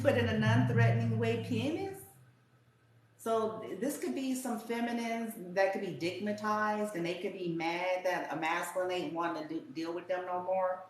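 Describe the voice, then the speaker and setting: A woman giving a casual tarot reading in a blunt, profane, rambling rant. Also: lowish voice. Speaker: tarot reader. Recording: very echoey room with faint hiss.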